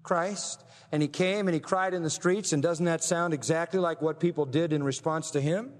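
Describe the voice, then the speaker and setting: High-voiced emphatic male preacher, reverberant. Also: normal speed. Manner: emphatic, asks the audience rhetorical questions. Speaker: pastor. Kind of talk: sermon.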